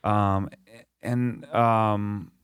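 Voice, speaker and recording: A man's voice: lowish voice, flat delivery, very slow, clear, resonant tone, dry recording. A male musician guest telling a casual tour anecdote, laid back and full of fillers. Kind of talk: casual storytelling.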